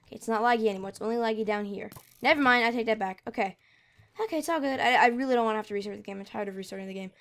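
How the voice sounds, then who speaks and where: A woman's voice: a little high, very fast, a bit bright. A woman casually commenting while she plays a video game, rambling and getting frustrated with lag. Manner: rambling, easily frustrated, talks to herself. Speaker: gamer.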